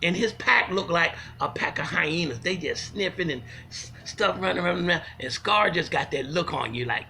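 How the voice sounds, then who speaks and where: A man telling comic stories in a folksy, animated way, swinging from loud to hushed. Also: on the high side, moderate pace, vocal fry, hardly any pauses, a little hiss or hum. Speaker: storyteller. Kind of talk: comic storytelling monologue.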